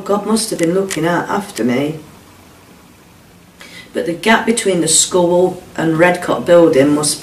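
A woman giving blunt, emotional first-person testimony about a past ordeal, swearing freely and acting out what people said. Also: lowish voice. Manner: blunt, swears freely, quotes speech in dialogue. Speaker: interviewee recounting a past ordeal. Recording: echoey room, distant mic, faint noise.

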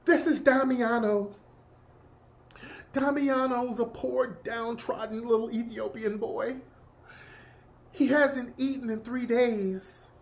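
A man putting on the voice of a soft-spoken woman narrating a charity appeal, hushed, syrupy and pleading. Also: very high-pitched, fairly even intonation, slow, creaky, pauses often, heavily acted.

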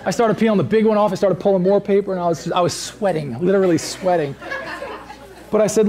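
A man's voice: high-pitched, fast talker, darkish tone. A man preaching a sermon in a church, talking in a loose, conversational way with many restarts, asides and frequent "right?" checks to the congregation. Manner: tags points with "right?" and "all right?". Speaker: pastor.

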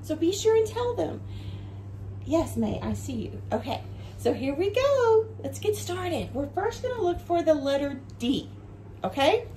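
A woman teaching a home video lesson for young children, with a bright sing-song teacher voice that goes slow and clear for the kids. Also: very high voice, very animated, slight background noise, low-quality recording.

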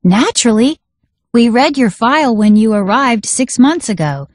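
A woman voicing a tiny, eager, formal magical father in a storybook, breathless and raised in pitch. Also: animated, moderate pace, no room sound.

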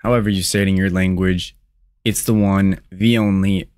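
A young man hosting a comedic mock pronunciation tutorial, introducing himself in a grand, deadpan way. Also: deep voice, normal speed, clean tone, no room sound, clean studio sound. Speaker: pronunciation video host.

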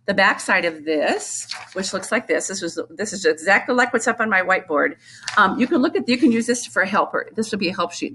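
A woman's voice: medium pitch, a bit bright. A woman music teacher giving a recorded lesson to young children, explaining patiently and chanting rhythm syllables.

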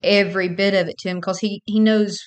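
A woman's voice: mid-range voice, steady tone, brisk. A woman hosting a faith podcast, talking in an earnest, encouraging teaching tone. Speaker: podcast host. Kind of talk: casual faith podcast talk.

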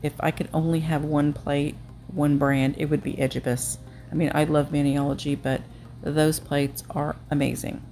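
A woman's voice: low-pitched, flat delivery, moderate pace, mellow. A woman narrating a nail art tutorial at home, chatty and self-deprecating, with frequent ums.

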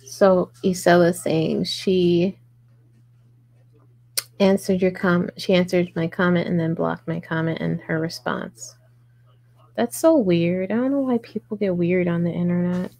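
A woman with a low, dark, gravelly voice hosts a live crochet stream from home. She talks slowly and casually, reading out viewer comments and murmuring her stitch counts as she works. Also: low-quality recording. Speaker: crochet livestream host. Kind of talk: casual live tutorial chat while crocheting.

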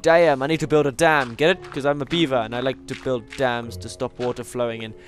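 A man's voice: mid-range voice, fairly even intonation, a little fast, soft background music. A tired young man, chatting casually as he plays a game and teases the animals on screen. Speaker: gaming YouTuber. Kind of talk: casual let's-play commentary.

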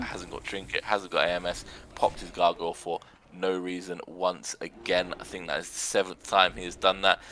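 A young man working as an arena commentator calls a video game match, sarcastic and excitable. His voice is bright and forceful and a little low, with a faint hum in the background.

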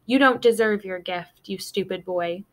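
Brief: woman doing a cold, snapping old grandmother in a storybook reading, lowered voice. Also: moderate pace, natural voice. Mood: cold scolding. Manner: snapping, scolding.

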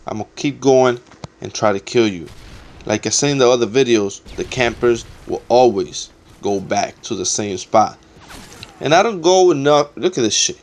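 A young man with a medium-pitched voice provides casual, trash-talking commentary over his own gameplay, swearing often and growing exasperated.

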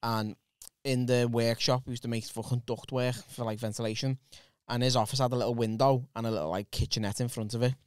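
A man's voice: medium pitch, little pitch movement, darkish tone, smooth, dry recording, studio quality. A man with a Liverpool accent, co-hosting a comedy podcast and telling crude, punchy stories. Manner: crude, fast, punchy storytelling. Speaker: podcast co-host. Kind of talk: casual storytelling chat.

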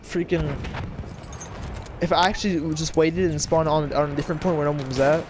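A man giving casual gameplay commentary, talking fast with jumbled words, frequent stutters and restarts. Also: fairly high pitch, level tone, slight background noise. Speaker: gaming channel host. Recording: loud gunfire and battle game sounds behind. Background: shooter game audio with gunfire and vehicles.

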